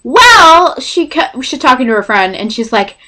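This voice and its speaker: A young woman from Texas telling a storytime vlog, rambling and excitable, often cutting herself off mid-sentence. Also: high voice, measured pace. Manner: rambling, self-interrupting, excitable. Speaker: vlogger.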